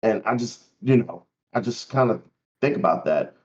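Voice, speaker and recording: A man in a casual roundtable chat, reflecting at a measured pace on his time as a streamer. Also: fairly low pitch, lively intonation, darkish tone. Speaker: streamer guest. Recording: dull lo-fi mic.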